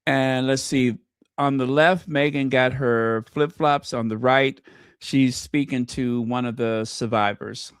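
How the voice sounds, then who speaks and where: A man's voice: medium pitch, fairly even intonation, slow pace, clean tone, no room sound, studio quality. A man giving casual video commentary, chatty and gushing, full of fillers and self-corrections, talking straight to his viewers. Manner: talks directly to viewers. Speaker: royal news commentator.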